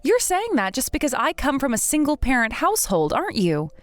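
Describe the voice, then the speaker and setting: Indignant young woman, firm, voiced by a woman, slightly high, dry close sound. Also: wildly swooping pitch, a little fast, no room sound, soft background music. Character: fed-up young woman confronting her rival. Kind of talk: text-message drama reading.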